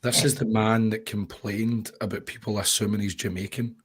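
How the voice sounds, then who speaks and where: Husky low man, crude and jokey. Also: fairly even intonation, moderate pace. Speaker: podcast co-host. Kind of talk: casual political chat.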